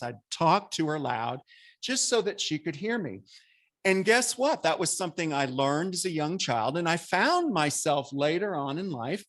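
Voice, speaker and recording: A man with a fairly high voice that carries gives a spiritual talk at a spiritual center. He speaks to the congregation in a conversational, earnest way. Now and then he breaks into lively acted-out asides. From American. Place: church hall.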